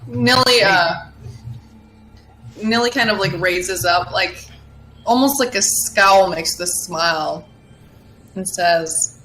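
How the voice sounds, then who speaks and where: A woman's voice: medium pitch, slow, long pauses, a bit bright. Woman player in an echoey room. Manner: casual, loose phrasing. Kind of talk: describing her character's actions. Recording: echoey room with faint music.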